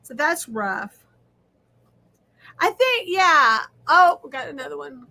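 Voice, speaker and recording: A middle-aged woman hosting a craft livestream, chatting casually and talking loudly so her guest can hear over the audio trouble. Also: high voice, animated, slow pace, slight background noise. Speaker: livestream host.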